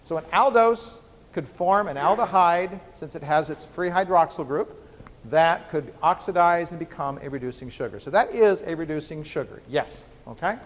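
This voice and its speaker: A man who is a biochemistry professor, giving a joking university lecture full of rhetorical questions to the class. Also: high-pitched. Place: lecture hall. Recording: reverberant lecture hall.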